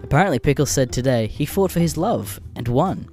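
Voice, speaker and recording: A man narrating comedic internet stories with crude, deadpan asides, a little under the weather. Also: medium pitch, brisk, faint music behind. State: a bit sick.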